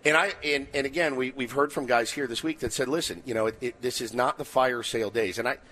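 A man co-hosting a sports talk show, telling stories in an animated way and laughing easily. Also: mid-range voice, fast talker. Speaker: sports radio co-host.

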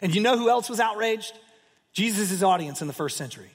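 High-voiced husky man preaching. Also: fairly quick, in a large hall. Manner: expressive, emphatic storytelling with asides. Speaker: pastor. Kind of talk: sermon.

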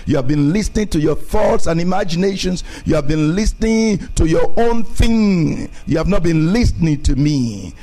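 Male pastor, high voice, repetitive emphatic sermon delivery, soft music underneath. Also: low-quality recording. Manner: repetitive preaching, rising emphatic declarations.

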